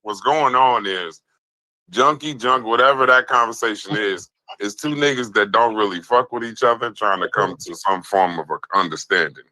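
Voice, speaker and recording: Brief: host keeping order on a live show, bright voice, dry sound. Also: male voice, on the low side, normal speed, no echo, poor audio. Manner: calming, keeps steering talk back.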